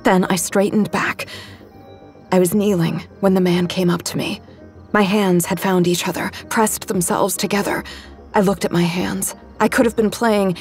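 Woman narrating a tense story in first person, medium pitch, faint music under it. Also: steady tone, normal speed.

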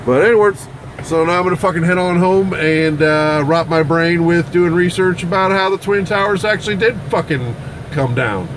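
A man rambling through a casual vlog, swearing constantly and breaking into loud outbursts. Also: sits high, moderate pace, slight background noise. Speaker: vlogger at a vape shop. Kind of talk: casual profane vlog chat.

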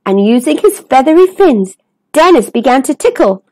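A woman storyteller reading a children's picture book aloud with an expressive, sing-song delivery. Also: high voice, normal speed.

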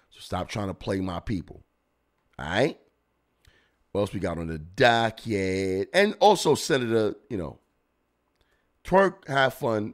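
A man's voice: lowish voice, fairly bright tone. A man hosting a podcast, giving blunt, profane comedic commentary as he reacts to videos. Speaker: podcast host.

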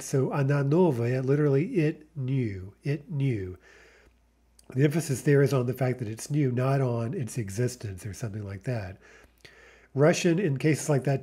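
A man's voice: medium pitch, mellow, slightly rough. A man teaching a recorded language lesson, explaining patiently and often checking in with "right?".

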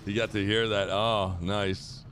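A man's voice: lowish voice, flat delivery, measured pace, fairly bright tone, a little hiss or hum. A man streaming a role-play game, chatting casually in character and swearing freely.

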